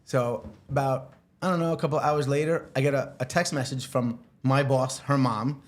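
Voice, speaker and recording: A man spins a rowdy personal story as a podcast guest, very animated and quick to swear, jumping into the voices of the people in it. His voice sits at an ordinary middle pitch for a man. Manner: animated, swears freely, acts out quotes. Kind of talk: casual storytelling.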